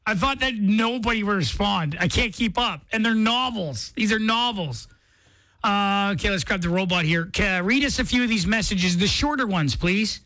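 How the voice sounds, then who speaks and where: Excitable male radio host with a bright, high, bouncy voice and a dry sound; playful, quick to laugh. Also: no echo. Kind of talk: casual talk radio chat.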